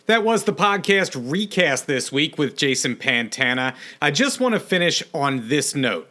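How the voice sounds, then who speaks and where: A man's voice: a little high, big pitch swings, moderate pace, sharp tone. A man hosting a podcast, closing the episode in an encouraging, reassuring way. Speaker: podcast host. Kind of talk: podcast outro.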